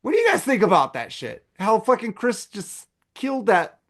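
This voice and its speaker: A man hosting a podcast, telling a long story in a casual, animated way and swearing a lot. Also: high voice, moderate pace. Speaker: podcast host.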